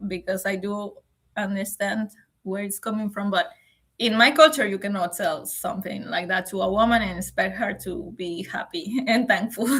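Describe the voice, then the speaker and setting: A woman on a casual live stream, answering comments, emotional and close to tears, speaking in a measured way and often asking "okay?". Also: medium pitch, a bit bright. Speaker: livestream host.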